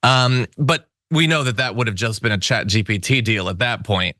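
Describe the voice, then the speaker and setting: A man's voice: on the low side, normal speed, bright, forceful tone, no room sound, studio quality. A man hosting a political news show, talking in a wry, sarcastic way and reading out viewer comments.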